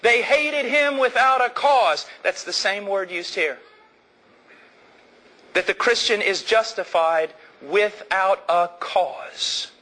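A man preaching a sermon, emphatic, slowing down to stress points and rising to shouts. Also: high-pitched, animated, rough recording.

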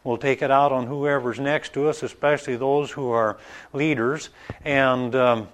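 A man preaching an informal Bible study in a conversational, halting way, with many restarts and asides. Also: medium pitch, fairly even intonation. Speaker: pastor.

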